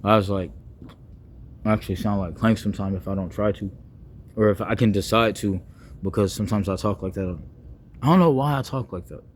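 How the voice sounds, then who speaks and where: A young man, rambling playfully in a casual vlog monologue, full of slang, restarts and deliberately wordy phrasing. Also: on the low side, a little hiss or hum. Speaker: vlogger.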